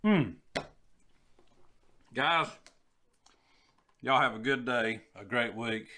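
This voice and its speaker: A folksy man with a Southern drawl chats through a home cooking vlog and keeps talking to his viewers as y'all. His voice sits at an ordinary middle pitch, with a faint hiss behind it. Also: lively intonation, very slow, sharp tone. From Southern United States. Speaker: cooking vlogger.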